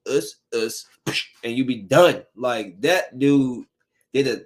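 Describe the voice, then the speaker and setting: A man's voice: medium pitch, slow pace. A man hosting a solo podcast, chatting loosely and acting out quotes in a studio. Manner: loose and animated, acts out quotes. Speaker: podcast host. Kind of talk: casual solo podcast chat. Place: home recording studio. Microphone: studio mic.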